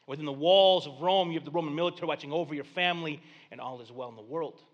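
A pastor preaches with a high-pitched male voice. His delivery is dynamic, sinking to near-whispers before surging into loud, excited declarations. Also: fast, highs cut off. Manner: dynamic preaching, dropping to hushed tones then rising to loud exclamations. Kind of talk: sermon.

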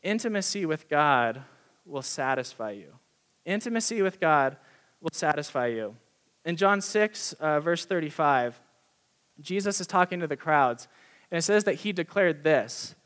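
A man's voice: a little high, animated, unhurried, a bit bright. A young man giving a casual, earnest sermon, full of fillers and little acted-out conversations. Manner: earnest, chatty, many "like" fillers and acted-out dialogue. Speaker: youth pastor preaching.

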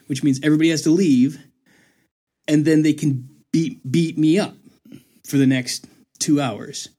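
A young man with a somewhat high voice tells a story in casual conversation at a moderate pace. He's animated, laughs a lot, and acts out other people's voices.

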